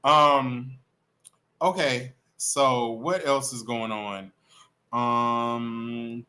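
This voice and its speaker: A man hosting a livestream, chatting in a sassy, animated, playful way about celebrity gossip. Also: mid-range voice, very slow, slight background noise. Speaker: livestream host. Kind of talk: casual celebrity gossip chat.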